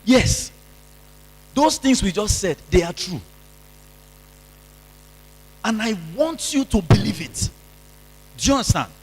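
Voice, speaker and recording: A man's voice: high-pitched, very animated, slow, long pauses, breathy edge. A male pastor from Kenya preaching at a youth seminar, exhorting the audience and having them repeat lines after him. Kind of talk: youth seminar sermon with call-and-response. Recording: long reverb of a large hall.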